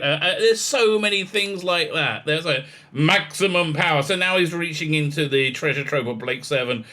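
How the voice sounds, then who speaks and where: Sarcastic ranting man, very bright voice. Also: a little high. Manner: sarcastic, scornful, with frequent stammered restarts. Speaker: YouTube commentator. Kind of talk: ranting vlog commentary.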